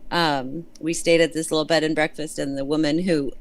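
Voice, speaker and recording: A woman's voice: low-pitched, little pitch movement, normal speed. A woman co-hosting a casual livestream, playful and goofy, greeting viewers in French.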